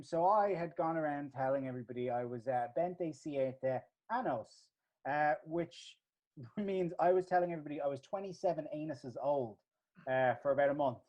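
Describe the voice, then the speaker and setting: A man's voice: on the high side, darkish tone. A young Irish man tells a chatty, self-mocking travel anecdote full of fillers and restarts. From Ireland. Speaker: guest storyteller. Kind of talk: casual spoken anecdote. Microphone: video call. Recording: dull lo-fi video call audio.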